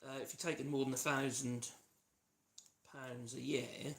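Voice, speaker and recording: A man's voice: medium pitch, level tone, measured pace, gravelly. A man with a Norfolk accent, hosting a live woodworking stream, chatting loosely and humming to himself while he works. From Norfolk, East of England. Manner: rambling, hums and chats while working. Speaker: woodworking channel host. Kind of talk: casual live workshop demonstration. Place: home workshop. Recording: noisy workshop livestream. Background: sanding and tool noise.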